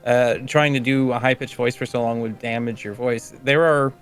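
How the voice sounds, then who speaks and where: A man as a guest on a roundtable chat, relaxed and telling anecdotes. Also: medium pitch, normal speed, soft background music. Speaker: guest streamer.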